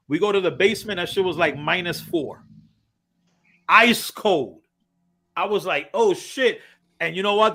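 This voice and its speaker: High, bright-voiced man telling a story. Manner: animated, swears a lot, acts out quotes loudly. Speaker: podcast host. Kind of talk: casual storytelling chat.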